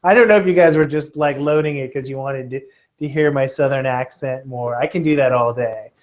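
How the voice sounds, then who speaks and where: A man's voice: mid-range voice, brisk. Teacher guy joking with his class, medium voice, kinda muffled lo-fi audio. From Kentucky. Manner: lively and joking, keeps checking in with okay. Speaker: test prep teacher.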